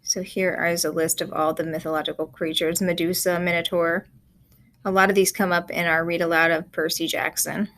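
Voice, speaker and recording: A woman teacher giving a recorded writing lesson, explaining in a calm, measured way. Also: lowish voice.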